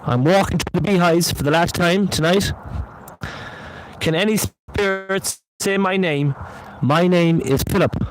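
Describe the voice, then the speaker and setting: A man with a fairly high voice coaxes spirits to speak during a spirit box session. He calls out again and again in a patient, pleading way while walking outdoors at night, with faint outdoor noise behind him. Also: poor audio. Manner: coaxing, repetitive calling out. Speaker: paranormal investigator.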